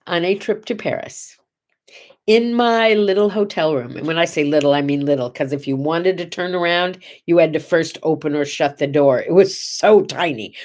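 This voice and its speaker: A woman hosting a casual morning show, telling anecdotes in a chatty, animated way with playful asides. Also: lowish voice. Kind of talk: casual chat and storytelling.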